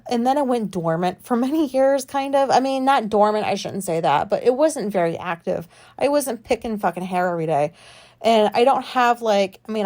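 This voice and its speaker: A woman's voice: mid-range voice, a little mellow. A woman vlogger telling a personal story in casual, rambling talk, swearing freely and filling gaps with filler words. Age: adult.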